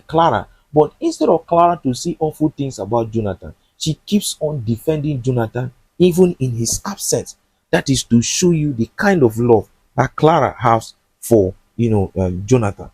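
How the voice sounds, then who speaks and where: A man's voice: medium pitch, warm tone, breathy edge, no echo, rough recording. A man recapping a drama series in chatty, sympathetic commentary. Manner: chatty, sympathetic, uses fillers. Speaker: movie recap presenter.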